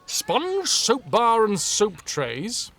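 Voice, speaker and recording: A man's voice: sits high, huge pitch swings, very slow, creaky, a bit bright. A young man streaming a video game, chatting and joking playfully as he plays. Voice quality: jokey, playful, sings snippets. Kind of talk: live game commentary.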